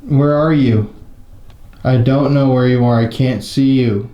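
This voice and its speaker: A man's voice: medium pitch, measured pace, lo-fi sound. Man taunting a ghost in an echoey room. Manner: confrontational, taunting, swears. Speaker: paranormal investigator. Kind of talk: provoking a ghost during an investigation. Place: inside an old historic building at night.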